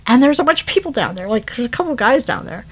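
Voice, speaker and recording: A woman's voice: fairly high pitch, big pitch swings, fast, fairly bright tone, husky. A woman casually recapping a movie plot, rambling with fillers, self-corrections and laughing asides. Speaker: podcast co-host.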